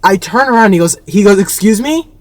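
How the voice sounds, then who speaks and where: High-voiced young man ranting a story. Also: quick pace, a little hiss or hum. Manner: animated ranting storyteller, swearing. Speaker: co-host. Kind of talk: casual chat.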